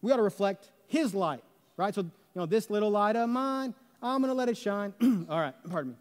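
A man preaching a sermon in a church sanctuary, talking conversationally and asking the congregation rhetorical questions. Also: high voice. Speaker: pastor. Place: church sanctuary under stage lights. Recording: long hall reverb.

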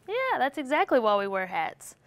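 Woman teacher, storybook read-aloud, questions for kids, fairly high voice, dry close sound. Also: normal speed, no echo. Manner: animated, asks questions and answers for listeners. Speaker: teacher reading a picture book aloud.

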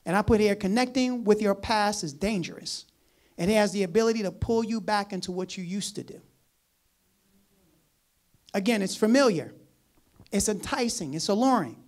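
A preacher giving a sermon, reading scripture aloud and commenting on it, who talks emphatically and repeats key phrases, swinging between loud, urgent lines and quiet asides. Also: mid-range voice, moderate pace, long pauses.

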